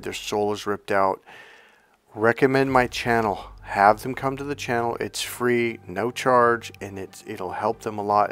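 A dating and relationship coach with a fairly low-pitched voice tells an unscripted story. He's energetic and earnest, rambling and restarting as he goes.

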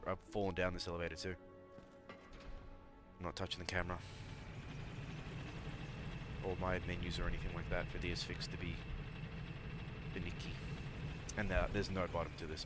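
A man's voice: low-pitched, little pitch movement, brisk, pauses often, over loud music. A young man streaming live, muttering and scolding himself as he talks to chat over gameplay.

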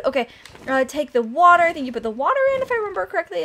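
Bubbly high-voiced young woman gamer. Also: a little fast. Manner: bubbly, excitable, gasps and squeals with delight. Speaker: gaming channel host. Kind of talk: casual let's-play commentary.

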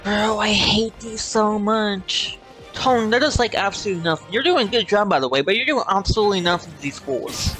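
A man giving casual gameplay commentary in a let's play, animated and playfully complaining. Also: high-pitched, a little fast, soft background music.

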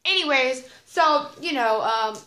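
A teenage girl with a slightly high voice tells a loose, rambling story full of fillers, slang and the odd curse word. Her voice bounces off a roomy, echoey space. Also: animated, a little slow, pushed and bright. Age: teens. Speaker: vlogger. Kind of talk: casual storytime monologue. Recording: roomy echo.

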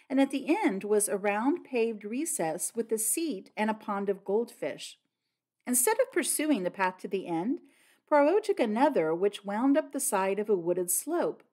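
A woman narrating an audiobook of a classic mystery. Her reading is expressive, with a lively pitch that rises and falls, set in a middle register.

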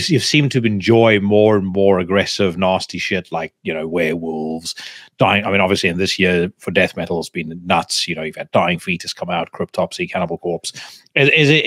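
A man's voice: medium pitch, a bit bright, dry recording. Man hosting, dry close sound. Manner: casual, swears freely, stumbles on repeats. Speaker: podcast host. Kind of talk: casual interview chat.

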